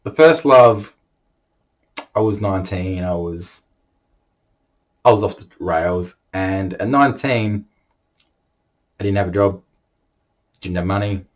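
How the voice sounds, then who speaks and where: A young man telling a personal story to the camera, halting and emotional, holding back tears. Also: sits low. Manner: halting, emotional, many restarts.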